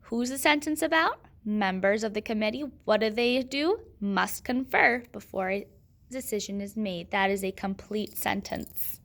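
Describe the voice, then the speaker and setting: A woman's voice: mid-range voice, normal speed, fairly bright tone. A woman teaching a grammar lesson, patiently asking questions and answering them herself.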